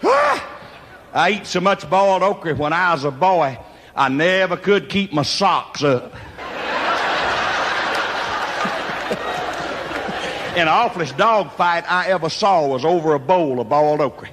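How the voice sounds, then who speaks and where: A man's voice: fairly high pitch, moderate pace, a bit bright. A man with a Mississippi accent telling a Southern comedy story in a folksy drawl, whooping as he goes. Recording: long hall reverb.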